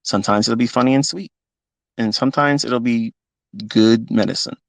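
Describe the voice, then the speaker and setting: A fifty-year-old man with a gravelly voice, telling a personal story off the cuff in a blunt, emotional way with plenty of swearing. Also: medium pitch, moderate pace, no room sound. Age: 50s. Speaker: trading educator on a live talk. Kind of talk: unscripted live talk.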